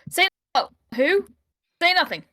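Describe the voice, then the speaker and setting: A woman voicing a pompous, eccentric male gentleman detective with grandiose old-fashioned phrasing, reading game dialogue with friends. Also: extremely high pitch, big pitch swings, measured pace, voice pushed up, heavily acted. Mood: theatrical.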